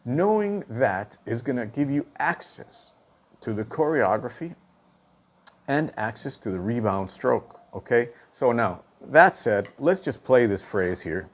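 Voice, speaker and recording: Counting and calling out stickings as he goes, a man teaches drum stick technique and asks "okay?" after every point. His pitch is medium, his intonation lively, and his pace measured.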